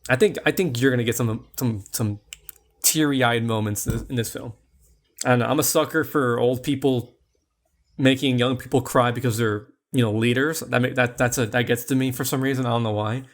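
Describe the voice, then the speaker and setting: A man's voice: medium pitch, fairly even intonation, brisk. Chatty man reviewing films on a podcast. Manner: chatty, rambling, many fillers and restarts. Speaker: podcast co-host. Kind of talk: casual film review chat.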